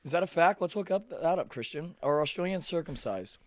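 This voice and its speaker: A man's voice: a little high, animated, fairly quick, no room sound. A man hosting a casual podcast, blunt and crude, joking as he recaps a show. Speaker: podcast host.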